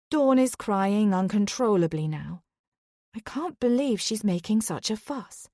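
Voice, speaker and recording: A woman reading a first-person thriller audiobook in a calm, even storytelling voice. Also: lowish voice, unhurried, dry recording, studio quality. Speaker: audiobook narrator.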